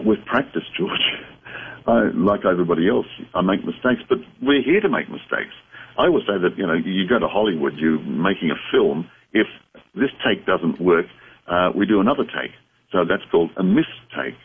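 Low husky man on a phone line. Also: lively intonation, moderate pace. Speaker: psychic medium guest. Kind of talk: radio talk show guest.

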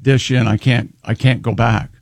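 A man's voice: medium pitch, fairly even intonation, normal speed, dry recording, studio quality. A man co-hosting a radio talk show, telling funny stories and laughing as he goes. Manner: joking, laughs through his stories. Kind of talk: casual comedy banter.

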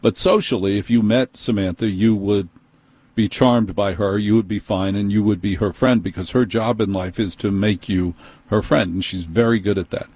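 A man's voice: on the low side, fairly even intonation, moderate pace, darkish tone, husky, no echo. A middle-aged man with a New York accent, hosting and telling a personal story in an exasperated, emphatic way.

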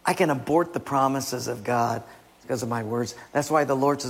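A man preaching a sermon with a gravelly, husky voice, acting out scenes in changing voices. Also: mid-range voice, quick pace. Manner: acts out biblical and household scenes in shifting voices. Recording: long reverb of a large hall.

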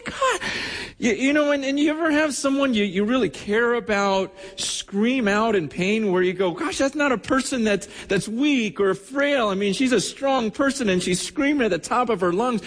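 A man preaching a sermon as pastor, telling stories earnestly and often repeating words as he goes. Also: medium pitch. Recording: echoey hall with long reverb.

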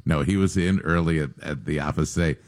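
A man's voice: rumbling low, brisk. A man who is a team president, chatting and praising his staff in a casual radio interview.

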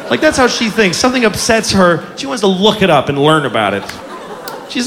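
A male stand-up comic tells his bit in a high, wildly lively voice, animated and profane. Loud crowd laughter and steady noise surround him on a live comedy stage. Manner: animated and profane, with quick shouts. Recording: live club audience, noisy. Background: audience laughter.

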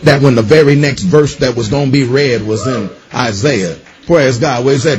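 A man delivers a sermon in a rough, husky voice that sits at an ordinary middle pitch. He preaches emphatically, with repeated affirmations and rhythmic calls to the listeners. Now and then he drops into casual, joking asides. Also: normal speed, few pauses, a little mellow. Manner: emphatic call-and-response preaching; informal, playful asides.

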